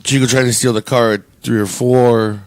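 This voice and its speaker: A man's voice: mid-range voice, fairly even intonation, moderate pace, no echo. Rambling, profane male storyteller. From Canada. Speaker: podcast co-host. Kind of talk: casual storytelling chat.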